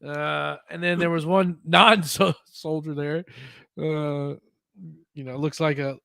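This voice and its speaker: A male podcast host in casual chat, with a slightly high voice. He stumbles and restarts his words often. The sound is dry and close. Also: level tone, slow, creaky, a bit bright, no room sound. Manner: stammers and restarts a lot.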